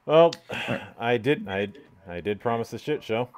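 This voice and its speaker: A man's voice: medium pitch, lively intonation, a little slow, clean tone. A man hosting an interview over a video call, hesitant and full of fillers, swearing casually. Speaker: interview host.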